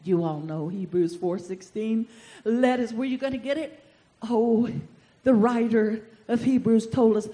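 A woman pastor preaching a fervent sermon, drawing answers from the congregation and rising to shouts. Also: on the high side, a little slow. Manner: call-and-response with congregation.

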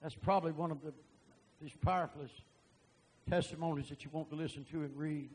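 A man preaching a sermon and telling a testimony, animated and bursting into loud emphasis. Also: fairly high pitch, a little fast, slightly rough, rough recording.

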